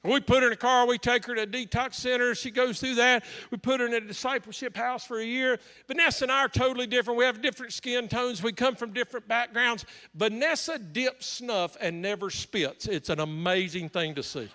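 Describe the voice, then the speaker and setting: High, bright-voiced preacher in a reverberant hall. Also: male voice, brisk, few pauses. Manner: humorous anecdotal storytelling. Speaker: pastor. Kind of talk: sermon storytelling. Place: large church hall.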